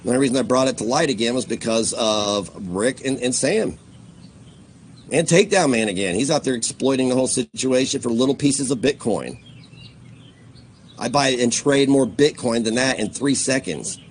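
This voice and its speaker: A man's voice: medium pitch, lively intonation, moderate pace, a little hiss or hum. Furious ranting man on a livestream. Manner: heated, swearing, swinging from shouting to muttering. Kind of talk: angry livestream rant.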